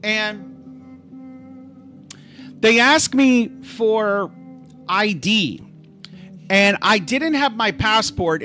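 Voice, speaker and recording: A man's voice: high voice, pushed and bright. A man hosting a livestream, telling a travel story to his chat in a rambling, self-interrupting way. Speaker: livestream host. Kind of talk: casual storytelling to a live chat.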